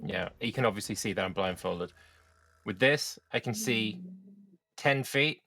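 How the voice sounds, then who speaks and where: A man playing a tabletop game, speaking calmly and in a measured way as his character. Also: fairly low pitch, vocal fry. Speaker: player.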